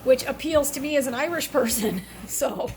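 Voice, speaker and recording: Chatty middle-aged lady showing a recipe at home, kinda high voice, lots of kitchen noise behind her. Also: normal speed, a little mellow. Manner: chatty, laughs often, rambling asides. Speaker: home cooking show host. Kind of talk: casual cooking demonstration.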